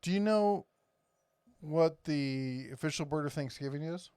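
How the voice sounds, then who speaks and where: A man's voice: a little high, measured pace, a little mellow, clear, resonant tone, dry recording. Joking man hosting a live tool chat. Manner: joking, teasing, rambling. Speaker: live stream host.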